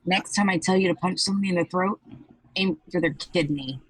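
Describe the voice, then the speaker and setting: A woman playing a tabletop game, talking bluntly with a teasing edge. Her voice is husky and on the low side, recorded dry and close. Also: brisk, dry recording, rough recording. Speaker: player.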